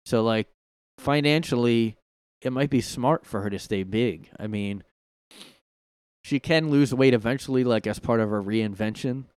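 A man's voice: mid-range voice, moderate pace, a little mellow, clear, resonant tone, no echo. A man hosting a solo podcast from his room, rambling sarcastically with lots of filler words. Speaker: podcast host. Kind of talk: casual solo commentary.

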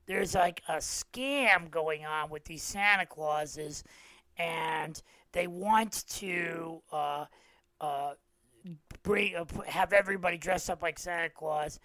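A man's voice: sits high, pushed and bright, dry recording. A middle-aged man hosting a podcast, casually retelling holiday specials and acting out the quoted lines, with many fillers. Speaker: podcast host.

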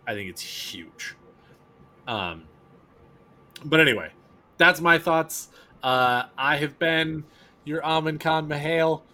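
A man's voice: on the high side, slow, long pauses, pushed and bright. A man co-hosting a podcast, talking in an emphatic, opinionated casual chat. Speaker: podcast co-host.

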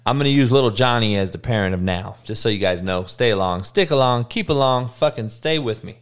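A man's voice: medium pitch, animated, fairly quick, clean tone. A man who coaches youth, ranting comically in a profane, emphatic way. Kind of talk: comedic rant.

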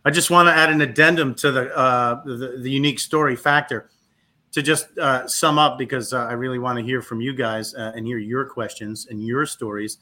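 A man in his fifties, a guest on an interview, telling stories in an animated way with frequent restarts and repeated words. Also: medium pitch, normal speed. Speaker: guest, physical therapist. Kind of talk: casual interview storytelling.

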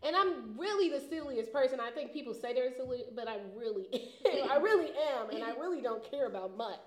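A woman's voice: sits high, expressive, fairly quick, darkish tone. A young woman talking animatedly in a casual panel discussion, laughing often and mimicking voices. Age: young adult. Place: garage. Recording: echoey garage room.

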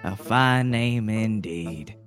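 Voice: medium pitch, slow, soft background music, voice pushed down, lightly acted. Someone putting on a gallant cowboy gunslinger. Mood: flirtatious. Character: smooth-talking flirtatious male cowboy gunslinger.

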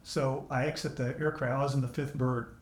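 Man, podcast guest, measured storytelling, dry humor, echoey roomy sound, restored audio. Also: mid-range voice, level tone. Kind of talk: conversational storytelling.

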